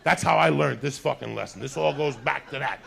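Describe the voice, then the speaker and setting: A male stand-up comic with a deeply gravelly voice, rambling through a crude story in loose, conversational talk. He slips into put-on voices to act out what other people said, sounding a little high. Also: a little fast, a bit bright. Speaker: stand-up comedian.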